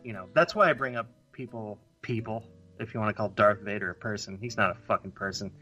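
A man co-hosting a casual comedy chat, musing aloud with halting restarts. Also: lowish voice, pushed and bright, faint music behind. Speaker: podcast co-host.

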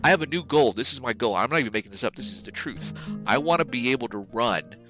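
A man's voice: mid-range voice, animated, quick pace, music in the background, rough recording. A man co-hosting a casual podcast, talking in a rambling, profane, jokey way. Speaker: podcast co-host. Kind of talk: casual chat, reading a joke ad.

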